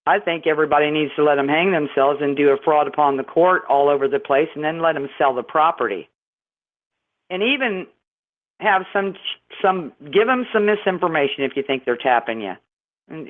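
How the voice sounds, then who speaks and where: A woman's voice: low voice, fairly quick. A middle-aged woman, a guest on a phone-in interview, telling a long story in a rambling, indignant way with many restarts. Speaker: guest caller. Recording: tinny phone line.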